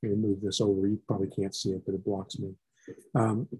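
A man leading a Bible study class, reading verses aloud and explaining them in a relaxed, conversational way. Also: lowish voice, brisk, husky. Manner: relaxed, explanatory, reads scripture aloud then unpacks it.

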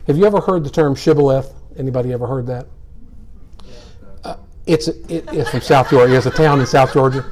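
A man's voice: mid-range voice, a little fast, a little mellow. An older man teaching a casual Bible class, folksy and rambling, chuckling as he explains.

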